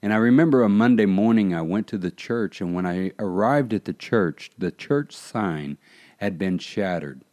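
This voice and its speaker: A middle-aged man preaching a podcast sermon in a low, mellow voice. He tells his story earnestly and lifts into fervent exhortation. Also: lively intonation, moderate pace. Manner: earnest preaching, rising in fervor. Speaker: pastor.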